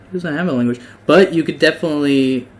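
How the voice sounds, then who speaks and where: A man's voice: a little high, fast talker. A man running a tabletop game as game master, hesitant and often rethinking his rulings mid-sentence. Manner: hesitant, full of ums and rethinking.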